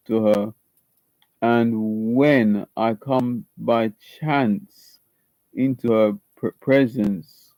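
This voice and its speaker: A man performing an audition monologue as a tormented young man fighting a guilty love, halting and stumbling over words. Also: medium pitch, clear, resonant tone, dry recording. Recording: slightly muffled lo-fi recording.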